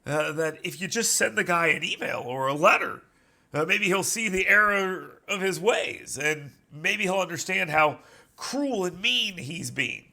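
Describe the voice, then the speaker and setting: A man's voice: high voice, expressive, unhurried, gravelly, bright, forceful tone. A male talk show host giving sarcastic, mocking opinion commentary.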